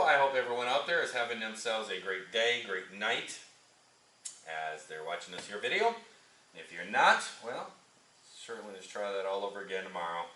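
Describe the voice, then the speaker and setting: Deep-voiced chatty trucker in an echoey shop. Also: male voice, big pitch swings, moderate pace, bright, forceful tone. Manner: rambling, chatty, repeats himself. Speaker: trucker and channel host. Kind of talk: casual storytelling vlog. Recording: echoey shop, mic at a distance.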